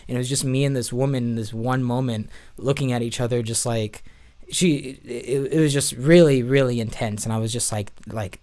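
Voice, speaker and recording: A man's voice: mid-range voice, a little mellow. A man telling a long personal story in a podcast chat, rambling with frequent restarts. He plays music for a church. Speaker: podcast guest. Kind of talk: casual storytelling.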